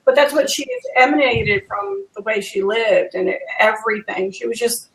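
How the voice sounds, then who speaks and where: A woman chatting casually on a video call, quick to laugh. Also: medium pitch, fairly bright tone, echoey room, low-quality recording.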